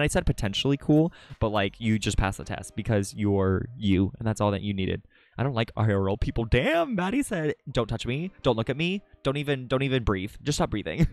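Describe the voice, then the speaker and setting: A young man in his early twenties from California, streaming live at night and chatting with viewers, giggling, swearing a lot and jumping into high squeals. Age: early 20s. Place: home at night.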